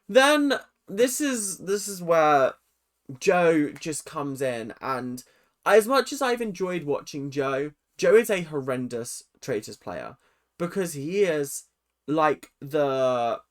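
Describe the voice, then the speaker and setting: Brief: tired, opinionated young male vlogger, rambling recap, lively pitch. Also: takes it slowly. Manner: opinionated, rambling, goes off on tangents. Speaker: reaction vlogger. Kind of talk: casual episode recap.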